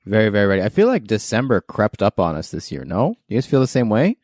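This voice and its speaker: A man hosts a sneaker podcast in a loose, jokey way, laughing often with his co-hosts. His voice sits a bit low. The sound is dry and close, with no room around it. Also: big pitch swings, fast, darkish tone, no echo. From Canada. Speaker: podcast host. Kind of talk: casual chat.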